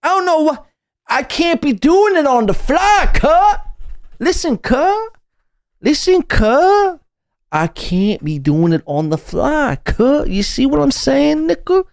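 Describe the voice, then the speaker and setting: A man's voice: very high voice, very animated, slow, vocal fry, no room sound, studio quality, pitched above the performer's own voice, heavily acted. A man parodying a boastful, menacing male street tough in slangy, profane talk. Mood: swaggering.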